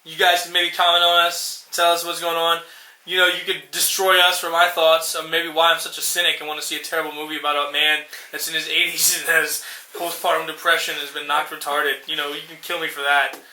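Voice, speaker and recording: Young guy ranting about movies, high bright voice, swears a lot, echoey room. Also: monotone, brisk. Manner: sarcastic, profane, acts out movie lines. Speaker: podcast co-host. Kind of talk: casual ranting chat.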